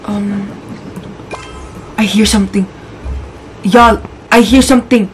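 A woman's voice: mid-range voice, fairly even intonation, slow pace, pauses often, faint music behind, rough recording. A young woman playing a horror game, talking casually through it and shrieking when startled. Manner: jumpy, shrieks and exclaims when scared. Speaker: gaming YouTuber. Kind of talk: horror game let's play commentary.

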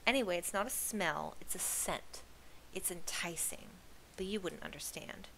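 A woman's voice: lowish voice, moderate pace, creaky, bright, forceful tone, in a whisper. Woman doing a prissy, dramatic young girl. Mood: indignant, then haughty whisper.

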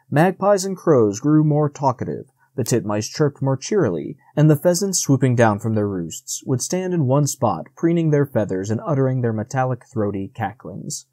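A man with a medium-pitched voice reads a classic novel aloud as an audiobook narrator, measured and steady in his storytelling. There's no room sound.

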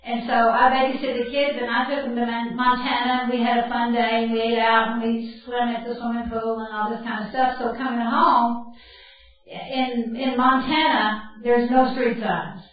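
An older woman with a fairly high voice gives a down-home teaching talk, chatty and quick to laugh at herself. She is heard from a distance in a very echoey hall, and the sound is dull and muffled. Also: little pitch movement. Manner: folksy, chatty, laughs at her own stories. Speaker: Bible camp speaker. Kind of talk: teaching talk mixed with personal stories.

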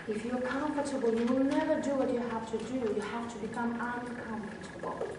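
A woman's voice: fairly high pitch, fairly even intonation, a little fast, hardly any pauses, background noise. A woman presenter at a workshop, telling a motivational story with lots of restarts and acted-out quotes. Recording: very echoey hall, distant mic.

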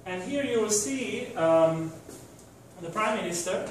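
A man's voice: high voice, expressive, takes it slowly, a little hiss or hum. A man giving a university lecture, hesitant, with many fillers and restarts. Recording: very echoey room from far off.

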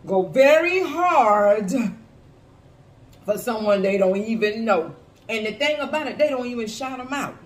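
A woman's voice: a little high, far from the mic. A woman giving blunt, sassy, profane commentary in a casual reaction video. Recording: echoey room with faint hiss.

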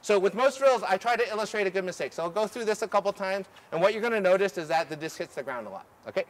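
High-voiced man coaching on a field. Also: fast talker. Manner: energetic, instructive, checks in with "okay?". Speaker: ultimate coach. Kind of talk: outdoor coaching clinic demonstration. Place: outdoor field.

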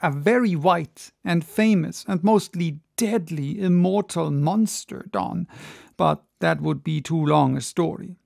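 An audiobook reader narrating a classic sea story with measured, dramatic storytelling. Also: mid-range voice, creaky, a little mellow, no echo, clean studio sound. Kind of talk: audiobook reading.

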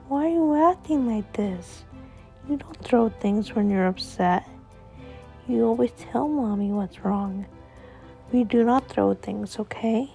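A woman voicing a loving young mother who comforts her child in a soft, often whispered voice. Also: medium pitch, gravelly. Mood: firm. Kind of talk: storytelling role-play.

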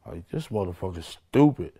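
A man telling street stories in an interview, profane and animated, acting out the people he quotes. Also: deep voice, moderate pace, husky. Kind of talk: street storytelling.

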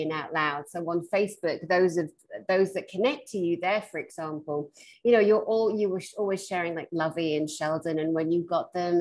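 A woman hosting an interview whose voice sits slightly low. She praises her guest effusively and fills her questions with short affirmations. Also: a little mellow, rough recording. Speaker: interview host.

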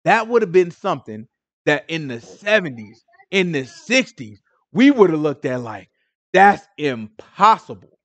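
A man with a fairly high voice teaches a Bible study in relaxed, slangy conversation. He is animated and keeps turning to his listeners with quick questions. The sound is close and dry, with no room around it. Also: dry recording.

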